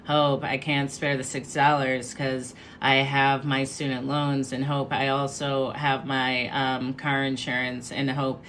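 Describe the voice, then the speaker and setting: A woman imitating her female friend, who talks in a flat monotone and keeps listing her money worries. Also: a bass voice, unhurried, few pauses, a little hiss or hum, voice pushed down. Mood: worried.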